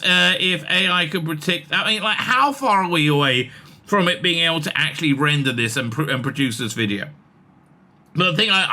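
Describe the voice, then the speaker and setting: High-voiced, bright, sarcastic man. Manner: animated, sarcastic, full of fillers and restarts. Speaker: host. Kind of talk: casual commentary reading aloud.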